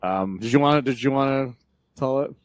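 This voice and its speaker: Male podcast co-host, animated comic-book rant, very dry close mic. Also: medium pitch, brisk, smooth, dry recording. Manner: rambling, animated, swears freely, retells scenes. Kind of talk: casual chat about comics.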